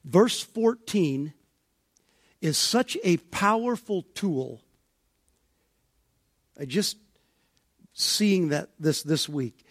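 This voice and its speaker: A male pastor preaching a sermon, building to emphatic near-shouts when he voices objections. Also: fairly high pitch, lively intonation, extremely slow, pauses often, dry recording, studio quality.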